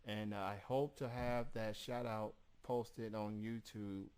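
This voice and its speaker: A man's voice: lowish voice, flat delivery, slow pace, a little mellow, clear, resonant tone. A man with a Southern accent hosting an interview, talking hesitantly with many fillers and restarts. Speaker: interview host. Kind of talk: casual interview.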